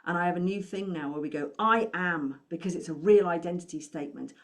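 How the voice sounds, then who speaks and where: Encouraging money coach. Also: female voice, on the low side, quick pace, dark tone. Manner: encouraging, asks the listener many questions. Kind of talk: motivational talk to camera.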